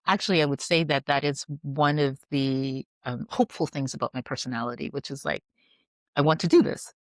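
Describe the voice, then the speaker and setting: A middle-aged woman, an entrepreneur being interviewed, talking in a lively storytelling way. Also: extremely low pitch, no echo, clean studio sound. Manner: animated, acts out quoted voices. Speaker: entrepreneur guest.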